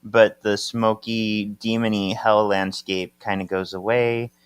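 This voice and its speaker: A man co-hosting a podcast in relaxed, thoughtful casual chat. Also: on the low side, measured pace, clean tone, no room sound. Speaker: podcast co-host. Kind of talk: casual chat, retelling a comic.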